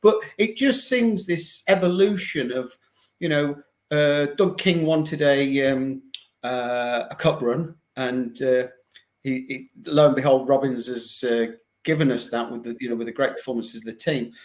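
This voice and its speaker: An older man speaking as a guest fan in a casual chat, talking in a hesitant, halting way. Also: medium pitch. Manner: hesitant, many fillers and restarts.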